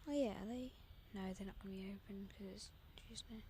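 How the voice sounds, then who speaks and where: A woman's voice: medium pitch, brisk, warm tone, a little hiss or hum. A Scottish woman hosting a live planespotting stream, rambling chattily and often dropping to a half-whisper. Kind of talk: casual live-stream chat.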